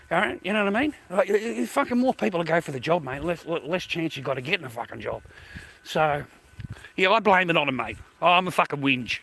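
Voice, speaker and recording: Australian male streamer, slightly high voice, blunt foul-mouthed rant. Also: fairly bright tone. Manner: blunt, heavy swearing, grumbling. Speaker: livestreamer. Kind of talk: profane casual rant.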